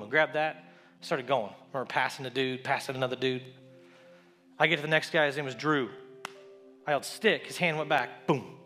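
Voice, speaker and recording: Male preacher, high voice, bright tone, faint music underneath. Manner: builds to loud, high-pitched exhortation with repeated refrains. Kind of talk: sermon.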